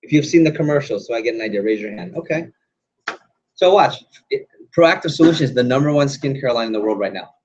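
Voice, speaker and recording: A man's voice: mid-range voice, expressive, fast, darkish tone, breathy edge, lo-fi sound. A man running an interactive sales training session, quizzing the room and acting out examples. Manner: quizzes audience, acts out examples.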